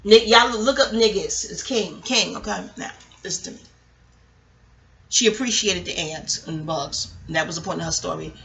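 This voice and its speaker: Bright-voiced woman telling stories casually. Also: lowish voice, moderate pace, gravelly. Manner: profane, digressive, talks straight to viewers. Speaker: vlogger. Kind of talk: casual rambling storytelling.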